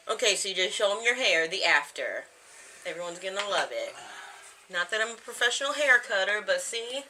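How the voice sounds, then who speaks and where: A woman's voice: mid-range voice, lively intonation, moderate pace, sharp tone, slight background noise. A woman in her thirties chatting casually to camera at home, rambling from one thing to the next and laughing often. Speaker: vlogger. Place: home, indoors.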